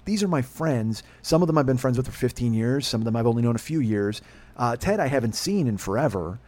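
Fast-talking man telling a story. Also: medium pitch, expressive, a little mellow. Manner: profane, rambling, self-deprecating. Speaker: podcast host. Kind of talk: casual storytelling monologue.

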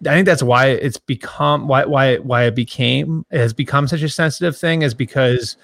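A man in his thirties, a sports journalist who grew up near Boston, answering interview questions in a halting way with many restarts and fillers. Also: mid-range voice, vocal fry, fairly bright tone, no room sound, clean studio sound. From grew up in the Boston area.

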